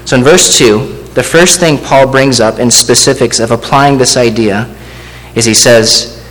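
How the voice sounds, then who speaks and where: A man preaching a verse-by-verse sermon to a congregation in a measured way, with asides like "doesn't he?". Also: mid-range voice, fairly bright tone. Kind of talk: expository sermon. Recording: long hall reverb with faint hum.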